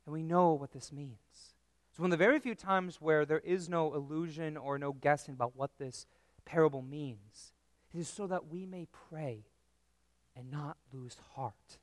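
A man preaching a sermon in an earnest, measured way, with dramatic pauses. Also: a little high, dry recording.

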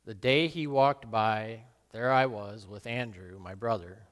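A man playing the apostle Peter, a burly fisherman full of guilt, in a solemn, halting dramatic monologue. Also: on the low side, a bit bright. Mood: remorseful. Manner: solemn, halting and self-questioning. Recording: long reverb in a large hall.

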